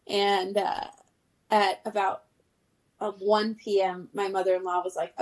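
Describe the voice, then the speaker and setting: A woman's voice: mid-range voice, flat delivery, measured pace. A woman in her thirties, a podcast guest telling a story in casual chat, laughing often and using many fillers.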